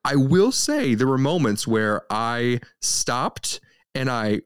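A man's voice: mid-range voice, very animated, takes it slowly, clean tone, dry recording, studio quality. A man co-hosting a casual podcast movie review, playful and jokey. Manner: jokey, playful, mock trailer voice at times. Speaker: podcast co-host.

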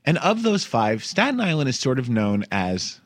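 This man hosts a comedic news podcast, chatting wryly and laughing as he goes. His medium-pitched voice has a sing-song lilt, the pace is normal, and there's no room sound.

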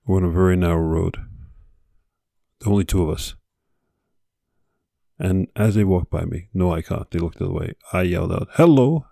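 A man's voice: sits low, flat delivery, moderate pace, vocal fry, pauses often, dark tone, no echo, clean studio sound. A man hosting a podcast, delivering an earnest motivational monologue with repeated exhortations. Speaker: podcast host.

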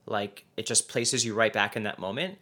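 A man's voice: on the low side, moderate pace, sharp tone. A man co-hosting a casual true-crime podcast, chatty and rambling, with many fillers. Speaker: podcast co-host.

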